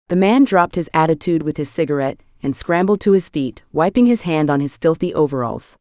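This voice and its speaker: A woman with a low voice reads an audiobook in a measured, even storytelling style. The narration is scripted, and the clean studio recording has no room sound.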